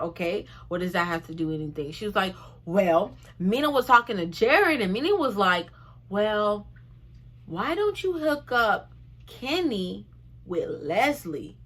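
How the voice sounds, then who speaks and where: A young woman telling a storytime in a chatty, animated way, often addressing her viewers directly. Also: mid-range voice. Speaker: vlogger. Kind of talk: casual storytime vlog.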